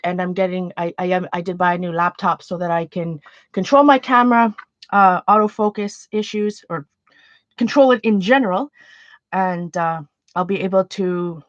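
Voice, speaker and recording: A woman's voice: on the low side, dry recording, lo-fi sound. A Canadian woman chatting casually on a livestream while making art, rambling and often restarting her sentences.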